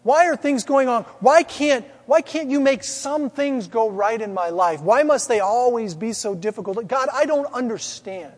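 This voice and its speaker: A man's voice: very high voice, normal speed, hardly any pauses, long reverb tail, voice pushed up. A man voicing a frustrated grown man who cries out to God in despairing, pleading questions during a sermon story. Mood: anguished.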